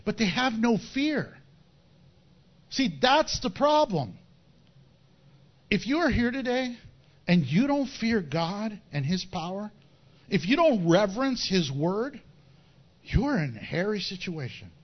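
A man with a notably high voice preaches a sermon, animated and playful, chuckling at his own wordplay. The recording sounds a little dull and muffled. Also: slow, pauses often. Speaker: pastor.

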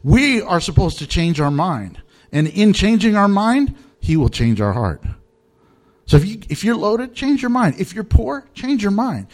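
A man preaching a sermon in an animated, emphatic way, chuckling often. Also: fairly high pitch. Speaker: pastor.

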